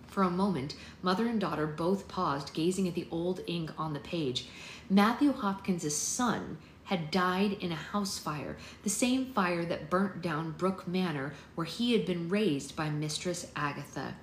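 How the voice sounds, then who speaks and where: A woman reading a novel aloud for her book club in a steady, unhurried storytelling way. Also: on the low side. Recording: roomy sound with faint noise.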